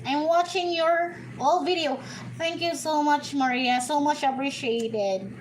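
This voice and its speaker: A woman's voice: sits high, unhurried, slight background noise, poor audio. A woman with a Filipino accent, chatting during a livestream vlog, coaxing her pet bird and thanking viewers in a playful way. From Philippines. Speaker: vlogger hosting a livestream. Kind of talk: casual live chat.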